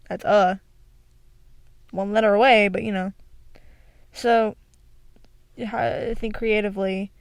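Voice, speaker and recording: Her mid-range voice has a darkish tone and no echo as this young woman, a video creator, delivers casual solo commentary. She rambles and giggles into a desk microphone with an echo filter, interrupting herself with frequent restarts.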